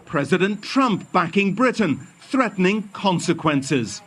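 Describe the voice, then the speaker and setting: Male TV news correspondent, high voice, clipped scripted report. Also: big pitch swings, a little slow, noisy background. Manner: crisp, clipped news delivery.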